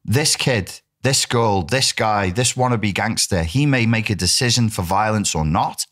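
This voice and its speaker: British male guest, 40s, deep register; animated, profane storyteller. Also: measured pace. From United Kingdom. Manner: animated storyteller, swears freely, acts out quotes. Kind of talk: casual interview talk.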